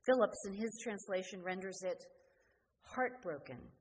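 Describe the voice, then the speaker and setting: A woman preaching a sermon, earnest and questioning, often letting her sentences fall quiet at the end. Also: medium pitch, measured pace. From New Jersey. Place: church. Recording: church hall reverb, faint noise.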